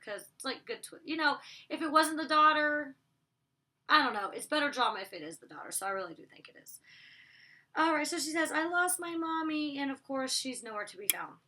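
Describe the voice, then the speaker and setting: A woman's voice: mid-range voice, animated, a little fast, bright, forceful tone. A woman reviewing a TV episode in a casual vlog, rambling and chatty with many asides. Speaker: TV show reviewer.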